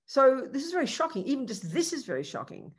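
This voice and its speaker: A woman's voice: sits high, very animated, fast talker, slightly rough. A woman teaching the Dharma as a Buddhist nun, talking conversationally and earnestly, with rhetorical questions, restarts and frequent asides.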